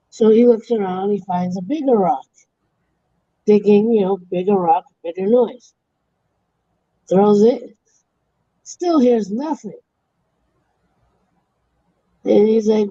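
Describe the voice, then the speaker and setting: A woman tells rambling jokes on a livestream in a deeply mellow, dark voice. She restarts and corrects herself as she goes, and laughs at her own punchlines. The sound is dry and dull, like lo-fi stream audio. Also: takes it slowly, long pauses, no room sound. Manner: rambling, restarts and self-corrections mid-story. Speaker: livestream host. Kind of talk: casual joke-telling.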